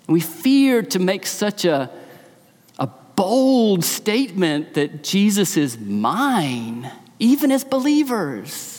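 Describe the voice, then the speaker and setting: A man preaching a sermon in an earnest, emphatic way, slowing and speeding up to stress his points. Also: high voice, darkish tone. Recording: long hall reverb.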